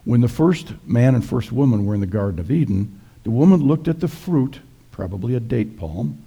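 Brief: male pastor, folksy joking sermon, gravelly and husky, dark mellow tone. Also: mid-range voice, lively intonation, moderate pace.

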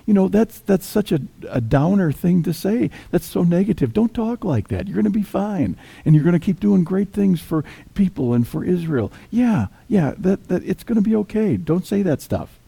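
Man doing flustered bold apostle, stammering and pleading, pitched high, gravelly edge. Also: big pitch swings, moderate pace, hardly any pauses, warm tone, exaggerated voice. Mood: anxious pleading.

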